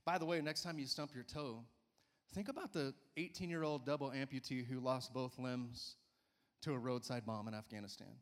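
Energetic forty-year-old pastor preaching in a hall. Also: male voice, mid-range voice, moderate pace. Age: 40s. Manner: energetic, coaxing with repeated "come on". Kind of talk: sermon. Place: church. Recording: church hall reverb.

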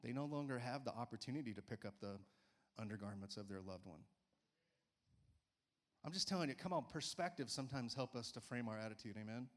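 A man in his forties preaching a sermon in a church, energetic and coaxing, often urging listeners with "come on.". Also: medium pitch, fairly quick. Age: 40s. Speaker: pastor. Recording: church hall reverb.

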